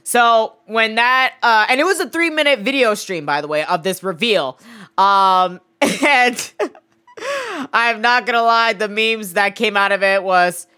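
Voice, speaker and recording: Giggly bright-voiced woman podcast host. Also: mid-range voice, a little slow, clear, resonant tone. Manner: giggly, struggling to keep a straight face; apologetic, flustered. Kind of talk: gaming podcast monologue.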